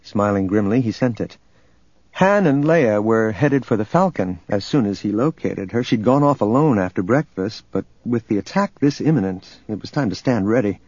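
A man narrating a novel in a steady, even storytelling manner, recorded as a dull lo-fi audiobook. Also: lowish voice, normal speed, no echo. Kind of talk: scripted narration.

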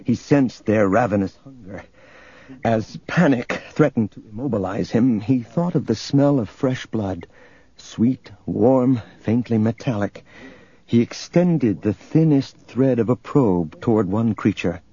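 A man narrating an audiobook in a steady, measured reading. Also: medium pitch, husky, muffled recording. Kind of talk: scripted narration.

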